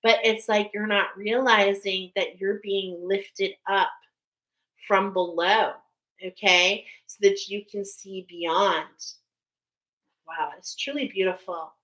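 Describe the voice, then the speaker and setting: A woman's voice: mid-range voice, a bit bright, rough recording. A woman giving an intuitive spiritual reading to her viewers, rambling with many fillers and getting emotional as she speaks. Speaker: spiritual card reader.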